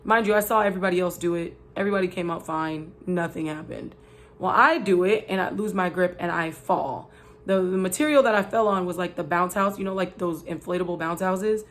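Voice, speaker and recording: A woman vlogger telling a personal story to her viewers in a casual, chatty and animated way, full of asides. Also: lowish voice, a little fast.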